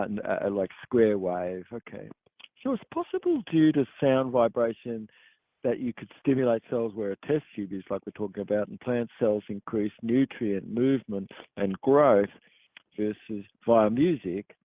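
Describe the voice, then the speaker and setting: Male host, lower pitch, meandering talk full of ums, dry lo-fi line. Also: dry recording. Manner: rambling, halting, many fillers and restarts. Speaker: podcast host. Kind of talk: meandering explanatory monologue. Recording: dry tinny phone-like sound.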